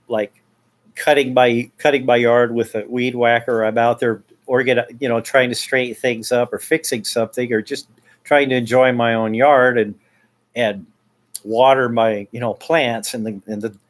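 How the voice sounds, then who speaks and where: Aggrieved man rambling to his neighbor. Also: mid-range voice. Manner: rambling, with frequent restarts and repeated words; aggrieved, airing complaints. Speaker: vlogger addressing his neighbor. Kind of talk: casual spoken monologue.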